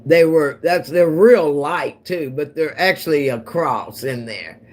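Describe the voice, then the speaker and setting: A low-pitched, slightly mellow voice at a measured pace comes from a livestream host from Missouri and Oklahoma. The central-US woman chats casually with her viewers in a meandering way, laughing frequently.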